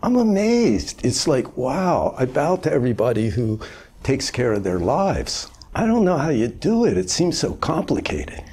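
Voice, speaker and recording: Husky older man, lively dharma talk. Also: mid-range voice, a little slow. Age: 70s. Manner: conversational, gently humorous storytelling. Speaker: Zen master. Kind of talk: informal dharma talk answering a question.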